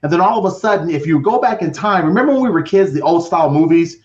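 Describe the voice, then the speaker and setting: A man's voice: on the high side, animated, fast, darkish tone. A middle-aged man telling his personal story with drama as a podcast guest, acting out voices and counting down. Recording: roomy, dull lo-fi sound.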